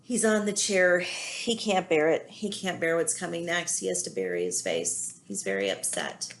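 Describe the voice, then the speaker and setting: Reading a picture book to young children, a woman teacher speaks in a fairly low, expressive voice. Her read-aloud is full of commentary, with frequent pauses to explain feelings in a gentle way.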